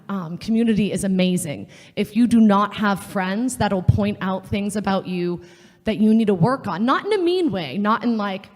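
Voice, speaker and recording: Earnest woman speaking in a reverberant hall. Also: mid-range voice. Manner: earnest, conversational storytelling with acted-out quotes. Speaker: speaker at a women's session. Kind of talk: faith talk to a live audience.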